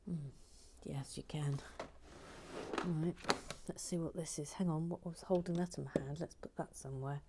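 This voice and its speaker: A woman hosting a LEGO building channel, chatting casually and playfully as she builds and reads out viewer messages, often dropping into soft whispers and muttering to herself. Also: deep voice, normal speed, long pauses, slight background noise. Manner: hums and mutters while working.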